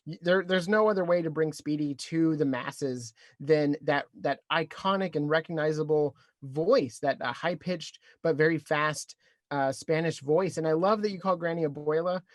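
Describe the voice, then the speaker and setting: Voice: mid-range voice, no room sound. A podcast interviewer asking questions from a home closet over a video call, upbeat and chatty.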